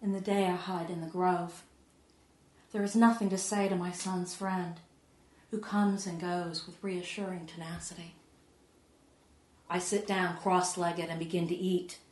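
A woman reading her own poetry aloud to an audience, measured and soft, often sinking to a hush. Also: on the low side, flat delivery. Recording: echoey room.

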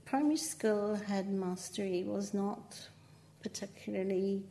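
An older Northern Irish woman with a mellow, warm voice. She speaks as a poet guest in a relaxed interview. She chats freely, laughs often and pokes fun at herself. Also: medium pitch, unhurried, a little hiss or hum. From Northern Ireland. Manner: chatty, laughing often, with self-mocking asides. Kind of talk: conversational interview.

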